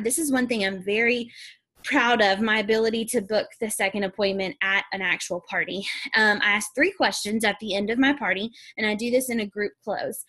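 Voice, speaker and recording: A young woman leads a sales training over a video call, chatty and upbeat, often laughing as she acts out her customers. Her voice sits a little high. The sound is close and dry, with no room around it. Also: a bit bright, dry recording. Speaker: sales team leader.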